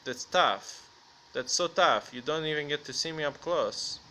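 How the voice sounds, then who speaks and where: A man's voice: on the high side, measured pace, sharp tone, slight background noise. A man rambling through crude, absurd jokes and laughing at his own punchlines. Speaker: comedy video host.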